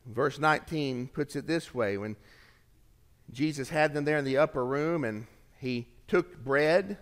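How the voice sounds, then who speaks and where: A male pastor delivers a sermon with a fairly high voice, pressing hard on key phrases and then dropping to a near hush. His words ring out with the long reverb of a large sanctuary. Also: a little slow. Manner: dramatic, swings from emphatic to hushed.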